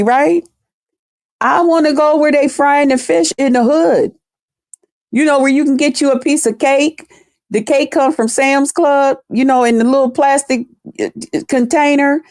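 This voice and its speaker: A woman vlogger talking straight to her viewers in blunt, animated, heavily profane storytelling. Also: high voice, normal speed, no echo, studio quality. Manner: blunt, animated, heavy cursing; laughs at her own jokes. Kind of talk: casual profane storytelling chat.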